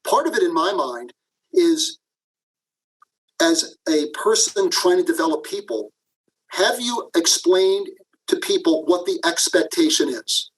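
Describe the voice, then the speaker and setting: A man's voice: high-pitched, very animated, a little slow, rough recording. A man being interviewed as a guest, telling a career story and often addressing the host by name. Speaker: guest, management professor.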